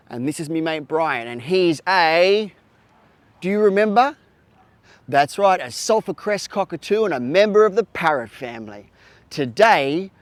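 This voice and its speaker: A man's voice: sits high, no echo. A man with an Australian accent hosting a children's show, talking to kids in a playful, exaggerated way. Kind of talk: educational talk to kids.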